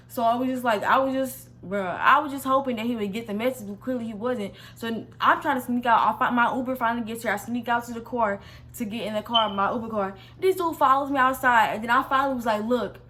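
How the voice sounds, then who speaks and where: A young woman from Missouri telling a casual storytime vlog in a slangy, animated way, with quick restarts and an exasperated tone. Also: a little high. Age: young adult. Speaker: vlogger.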